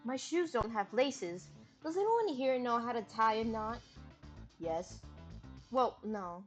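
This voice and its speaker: A woman's voice: a little high, animated, slow pace, soft background music. A woman streamer giving casual gameplay commentary, giggling often, swearing freely and riffing on her own jokes.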